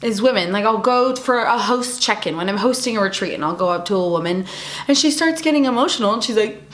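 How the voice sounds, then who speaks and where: Earnest woman in an echoey room. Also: on the high side. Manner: earnest, encouraging, repeats words for emphasis. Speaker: women's event speaker and video creator. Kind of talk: casual talk to camera.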